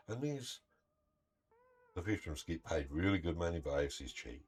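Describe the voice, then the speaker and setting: A man's voice: low-pitched, animated, normal speed, pauses often, breathy edge, faint music behind. A man, a gaming streamer casually telling a story in a blunt, swearing, heated way. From New Zealand.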